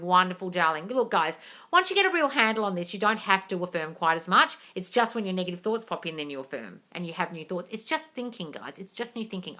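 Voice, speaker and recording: A bright-toned young woman chats through a live Q&A with blunt, profane advice. Her pitch leaps widely and she bursts into loud excitement without warning. She keeps addressing her viewers as darling. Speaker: livestream host answering viewer questions. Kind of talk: casual live Q&A chat.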